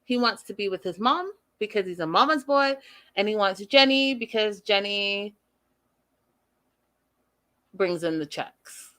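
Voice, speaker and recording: A young woman hosting a casual reality TV recap, sassy and animated, acting out the people she talks about. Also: medium pitch, a little slow, pauses often. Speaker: recap show host.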